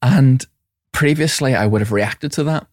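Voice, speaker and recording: A mindfulness teacher and separated father talks in a conversational interview, sharing reflective, warm personal anecdotes with frequent restarts. His voice is medium in pitch at a normal speed, in a dry, studio-quality recording.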